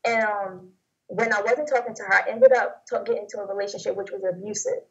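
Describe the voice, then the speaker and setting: A young woman sharing a personal testimony in an interview, talking in a rambling, halting way with many fillers and restarts. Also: medium pitch, creaky. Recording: dull lo-fi audio.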